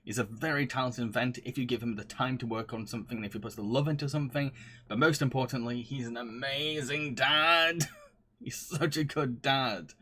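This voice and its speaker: A man's voice: mid-range voice, a little fast, bright, forceful tone. A man streaming live, chatting casually and reading viewer comments, often laughing and gushing with frequent restarts.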